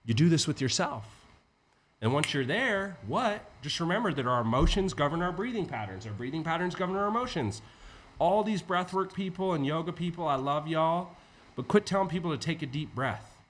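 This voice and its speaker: A man as a podcast guest, an entrepreneur teaching in a casual, animated way with frequent swearing. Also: fairly high pitch, fairly quick. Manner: animated, profane, acts out inner voices. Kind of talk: conversational teaching.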